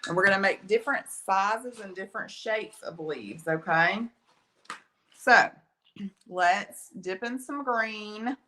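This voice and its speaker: Speaking slowly with lively intonation and a sharp tone at medium pitch, this Southern woman from Alabama leads a folksy, chatty live painting tutorial as an art instructor. She coughs slightly, still recovering from being ill, and the recording carries a little hiss or hum.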